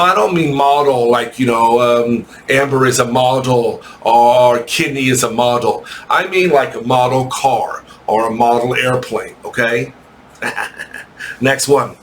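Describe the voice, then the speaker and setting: A man teaching an English lesson to children, reading aloud slowly, spelling words and making joking asides. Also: medium pitch, a bit bright, slight background noise.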